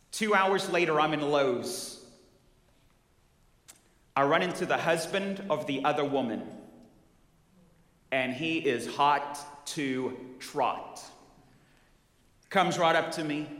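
A man's voice: fairly high pitch, takes it slowly, pauses often, fairly bright tone. A man pastor preaching a sermon, talking directly to the congregation with questions and vivid stories. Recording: echoey hall with long reverb.

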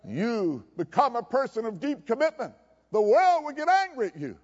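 Male preacher, high voice, folksy and emphatic, muffled hall recording. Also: very animated, moderate pace, a little mellow. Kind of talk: sermon. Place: chapel service.

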